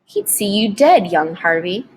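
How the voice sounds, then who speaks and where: A woman's voice: medium pitch, sing-song, measured pace, husky. A woman voicing a wiry, sly male creature who coaxes and taunts in a sing-song chant in a storybook reading. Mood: coaxing.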